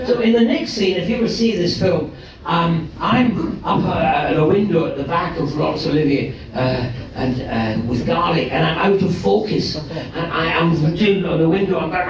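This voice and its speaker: An older man, a guest actor, telling animated stories at a live event, often chuckling and breaking off mid-sentence to restart. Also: a little high, moderate pace, a crowd in the background. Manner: animated, chuckling, self-interrupting storyteller. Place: live event venue with audience. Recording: very echoey live room from far off, faint noise.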